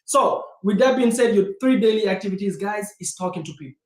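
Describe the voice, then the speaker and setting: A man hosting his own video, giving casual, energetic real estate advice straight to viewers and calling them guys. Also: high-pitched, fairly quick, roomy sound. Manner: energetic, direct, keeps calling viewers 'guys'. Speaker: real estate investor and channel host. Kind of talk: casual motivational vlog talk. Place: indoor room with a self-made backdrop.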